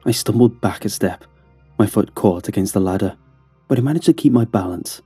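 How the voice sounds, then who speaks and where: A male narrator tells a first-person horror story with a tense, dramatic delivery. His voice is low, dark and husky. The recording is dry and close, with faint music underneath. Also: animated, fairly quick, no room sound.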